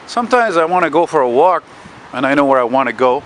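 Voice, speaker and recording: Fairly high-pitched, very animated and quick, a man narrates a casual walking vlog outside on a city street at dusk. He rambles and swears while chatting to his viewers, with street traffic and passing cars audible around him.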